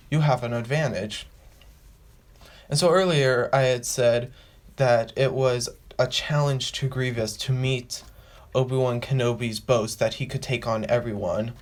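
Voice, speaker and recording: A man hosting a casual fan explainer, rambling and restarting, and repeating phrases as he works through his point. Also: mid-range voice. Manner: acts out quoted lines with a raised voice. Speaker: fan video host.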